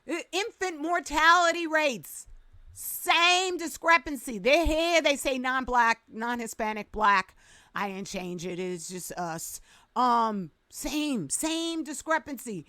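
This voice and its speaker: A woman's voice: high-pitched, slow, sharp tone, dry recording. A woman vlogger delivering a passionate, emphatic commentary rant, sarcastic at times.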